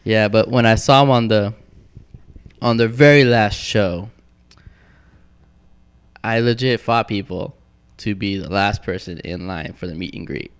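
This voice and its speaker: A man chatting casually as a podcast guest, telling animated stories and acting out quotes. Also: on the low side, measured pace, pauses often, clean tone. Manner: animated storyteller, acts out quotes. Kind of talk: casual chat.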